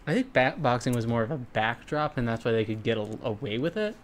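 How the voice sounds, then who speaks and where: A man's voice: mid-range voice, lively intonation, brisk, slight background noise. A young man co-hosting a casual movie podcast, laid-back and teasing. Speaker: podcast co-host. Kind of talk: casual chat.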